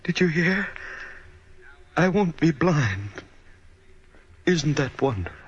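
A scared, stammering man in a hospital bed who anxiously pleads for reassurance. His voice sits fairly high, on a dull vintage radio recording. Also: sing-song, slow, a little hiss or hum. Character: frightened older man, bandaged and blind. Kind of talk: 1940s radio acting.

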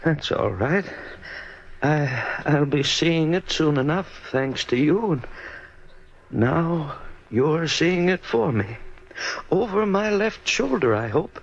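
A man's voice: on the high side, lively intonation, takes it slowly, vocal fry, heavily acted. An actor playing an aging, anxious, superstitious man in an old-time radio drama, talking in an emotional, pleading way, on a dull old recording with faint hiss. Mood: tender. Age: older. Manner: emotional, pleading, easily frightened.

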